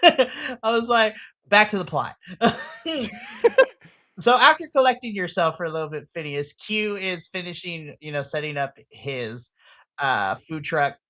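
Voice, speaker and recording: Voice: mid-range voice, expressive, a little slow, bright, forceful tone. A game master of a tabletop role-play podcast, chatting and narrating in a rambling, playful way, often laughing.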